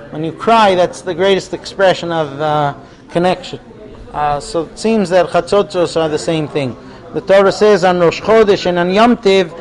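A man's voice: high-pitched, a little mellow, low-quality recording. A man teaching an informal Torah class in a chatty, storytelling way. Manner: conversational, digressive, tells stories.

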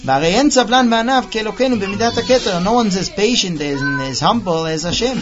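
A man teaching a casual Torah class to a small group, quickly reading out Hebrew text and then explaining it with stories. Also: high voice, expressive, highs cut off. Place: room with a small group of listeners.

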